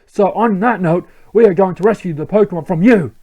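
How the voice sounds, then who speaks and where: A man's voice: sits high, fairly quick, darkish tone, voice pushed up. A man voicing a zealous male villain grunt from a game, earnest and preachy in tone. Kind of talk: reading game dialogue aloud.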